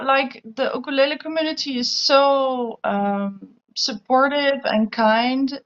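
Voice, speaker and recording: A woman's voice: a little high, lo-fi sound. A woman with a Dutch accent, a guest musician answering interview questions enthusiastically.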